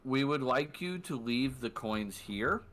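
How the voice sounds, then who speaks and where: A man's voice: mid-range voice, lively intonation, slow pace, fairly bright tone. A man voicing a dismissive male bank manager who speaks formally and curtly. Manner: formal, curt, bureaucratic.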